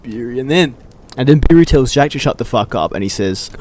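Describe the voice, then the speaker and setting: A man's voice: mid-range voice, fairly quick, a little hiss or hum. A young man casually telling school camp stories, swearing and laughing often. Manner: profane, laughing, animated quoting of friends. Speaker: storyteller.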